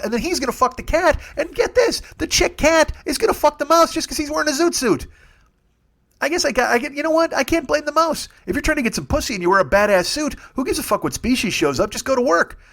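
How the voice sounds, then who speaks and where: Brief: forties male comic host, quick, profane, rambling home-podcast monologue. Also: high-pitched, a bit bright. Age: 40s. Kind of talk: solo comedy monologue. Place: home studio. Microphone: studio mic with earbuds.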